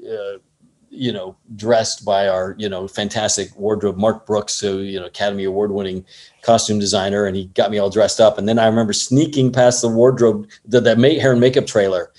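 A man who works as an assistant director, telling a lively story in an interview and acting out other people's lines along the way. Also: fairly low pitch, brisk. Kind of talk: casual anecdote in an interview.

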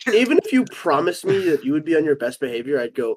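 A man's voice: a little high, sing-song, fast talker. A young man co-hosting a podcast who rambles through long explanations in casual chat. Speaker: podcast co-host. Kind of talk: casual chat among friends.

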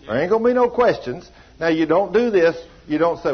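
A storytelling preacher, a man with a rather high, husky voice, who slips into the voices of the people in his tales. The recording sounds dull and lo-fi. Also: animated, fast talker, few pauses. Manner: storytelling preacher acting out dialogue in a folksy drawl. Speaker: pastor. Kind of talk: sermon.

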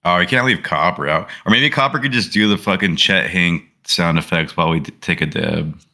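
A man's voice: low-pitched, a little fast, vocal fry, bright, forceful tone. A man co-hosting a podcast, chatting loosely with profane jokes. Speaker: podcast co-host. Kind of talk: casual chat.

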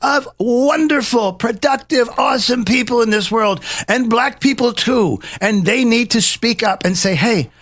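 A man's voice: extremely high pitch, unhurried, few pauses, no room sound, clean studio sound. A man hosting a political talk show, ranting emphatically and mockingly in casual chat. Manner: animated, mocking, emphatic rants. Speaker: host.

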